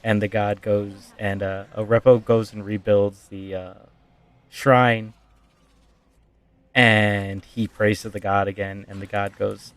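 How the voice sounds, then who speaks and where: A man's voice: lowish voice, little pitch movement, slow pace, smooth, no room sound. A man casually retelling a tabletop backstory as a streamer, rambling with lots of fillers.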